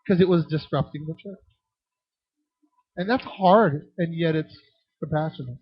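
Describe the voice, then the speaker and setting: Lively man teaching a ministry workshop. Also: fairly high pitch, a little slow, husky, no room sound. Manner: animated, acts out voices in anecdotes, frequent restarts. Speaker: children's ministry trainer. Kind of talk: conference workshop talk with audience questions. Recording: dull lo-fi, dry sound.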